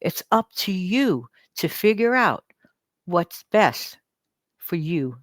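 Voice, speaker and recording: A woman's voice: on the low side, sing-song, slow pace, no room sound. An older woman hosting a casual advice vlog, talking in a chatty, encouraging way and now and then acting out whiny voices. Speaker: host.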